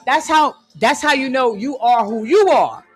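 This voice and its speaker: Emphatic slow-talking livestream ranter. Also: sits high, lively intonation, breathy edge, faint music behind. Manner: emphatic, repeats "excuse me" and "hold on" often; swings between loud and hushed, drawls key phrases. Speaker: livestream host. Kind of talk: conspiracy rant on a live stream.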